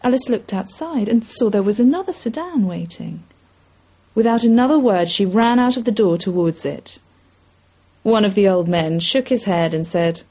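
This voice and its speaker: A woman narrating a short story with an expressive, measured delivery. Her voice is mellow and warm, with a soft husky grain, at a middle pitch. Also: rough recording. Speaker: reader.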